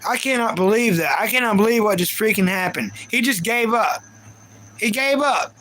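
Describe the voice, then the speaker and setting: A man's voice: high-pitched, expressive, moderate pace, pushed and bright, a little hiss or hum, poor audio. A man hosting a casual live stream, ranting in reaction and repeating himself while talking to his chat viewers. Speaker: livestream host.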